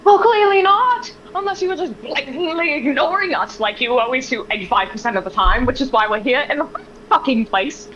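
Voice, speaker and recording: A woman playing Estrella, a yelling volatile adventurer. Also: very high voice, sing-song, slow pace, slight background noise, voice pushed up, exaggerated voice. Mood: exasperated. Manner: shouting, exasperated, cursing. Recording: dull lo-fi sound.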